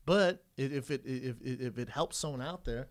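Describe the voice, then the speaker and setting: A man's voice: medium pitch, brisk. A man in his thirties co-hosting a podcast, talking bluntly and swearing on a studio mic. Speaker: podcast co-host. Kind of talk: casual debate.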